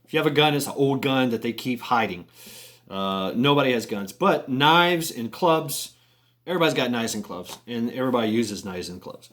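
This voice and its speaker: A man of ordinary pitch spins a long yarn in a loose, conversational way. He stumbles and restarts his sentences often, drops casual profanity and chuckles along the way. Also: lively intonation, normal speed, fairly bright tone. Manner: rambling, many restarts, swearing, chuckles. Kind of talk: casual spoken storytelling.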